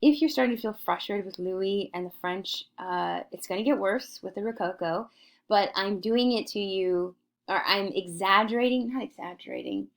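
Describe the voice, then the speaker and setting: A woman's voice: medium pitch, moderate pace, vocal fry. A woman teaching an art history lecture in a playful, theatrical way, slipping into mock-aristocratic asides.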